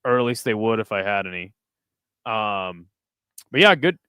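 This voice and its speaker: Male streamer, watch-party host, smooth clear voice, close dry mic, foul-mouthed banter with chat. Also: fairly low pitch, lively intonation, moderate pace, pushed and bright, dry recording. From United States. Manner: crude, joking, chatting with viewers between fight calls. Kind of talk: casual live-stream commentary.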